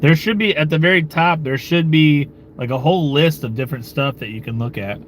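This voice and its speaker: A man's voice: a little high, brisk, slight background noise. Laid-back rambling American man. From United States. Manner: rambling and relaxed, with frequent fillers, swearing and chuckles. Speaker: YouTube channel host talking with live-stream viewers. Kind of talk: casual live-stream chat.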